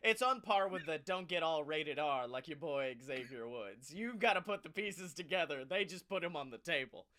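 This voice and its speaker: A high-voiced man with a bright, forward tone chats about wrestling on a podcast. He tells stories in an animated way, swears freely and laughs often as he talks. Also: moderate pace, few pauses. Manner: animated, profane, laughing storyteller. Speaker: podcast co-host. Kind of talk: casual wrestling chat.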